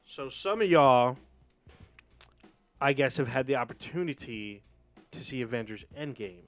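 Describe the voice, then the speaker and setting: Male podcast co-host, middle pitch, loose and cursing, faint music underneath. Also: lively intonation, unhurried, fairly bright tone. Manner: loose, rambling, frequent fillers and swearing. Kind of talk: casual chat.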